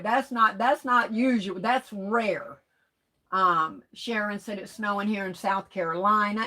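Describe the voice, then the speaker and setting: On a low-quality recording, a woman with a slightly bright mid-range voice speaks at a moderate pace with fairly even intonation. She's running a laid-back live stream, reading each viewer comment out loud and replying chattily with fillers and pet names such as sweetheart.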